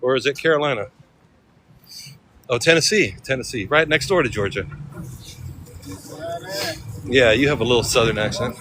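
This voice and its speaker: A man's voice: medium pitch, normal speed, long pauses, background noise. A man from California chatting casually and slangily on a livestream from city streets, talking into a phone. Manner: chatty, laid-back, slangy. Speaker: livestreaming vlogger. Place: outdoors in a city at night, on the street and a ferry.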